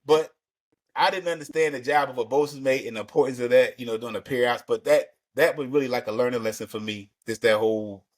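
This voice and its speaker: A man's voice: mid-range voice, quick pace. A male podcast host in a mid-range voice, chatting loosely with his guest. He talks in easy slang and circles back on his words while he thinks, like an old shipmate catching up. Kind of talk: casual interview chat.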